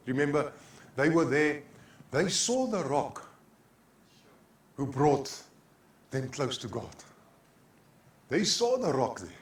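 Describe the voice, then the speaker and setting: Older South African male pastor, fervent repeating sermon delivery, slightly high voice, roomy church sound. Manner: impassioned preaching with repeated phrases, mixing in Afrikaans. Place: church sanctuary. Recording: echoey church hall.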